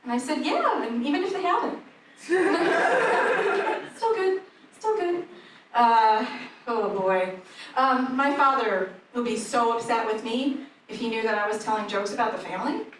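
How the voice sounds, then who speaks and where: A woman comedian with a high voice tells dark jokes in a dry, deadpan way. The club sound is very echoey and distant, with audience noise behind her. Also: measured pace, long pauses. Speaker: stand-up comedian. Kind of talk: stand-up comedy set.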